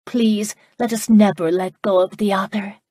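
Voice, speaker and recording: A woman's voice: mid-range voice, steady tone, moderate pace, darkish tone, dry recording, clean studio sound, natural voice. Woman voicing a young heroine overcome with love. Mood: joyful.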